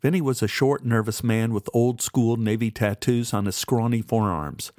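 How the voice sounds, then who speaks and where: A man narrates a story in the first person at a measured, steady pace. His voice sits at an ordinary middle pitch, and the recording is dry and close with no room sound. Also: no echo. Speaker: audiobook narrator.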